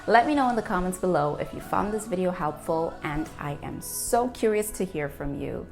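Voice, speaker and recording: A woman public speaking coach giving scripted tips, with clear, deliberate delivery and firm downward endings to her sentences. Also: on the low side, lively intonation, soft background music.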